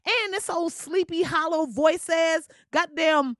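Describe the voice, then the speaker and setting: A woman's voice: high voice, lively intonation, takes it slowly, few pauses, dry recording, studio quality. Heated profane woman ranting. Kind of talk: profane rant.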